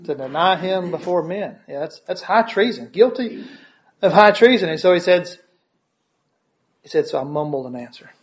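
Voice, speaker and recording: A man gives a sermon, telling a story in his own voice. He talks in a slightly high register, often restarting his phrases and checking in with the listeners through short tag questions. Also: moderate pace, long pauses. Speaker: preacher.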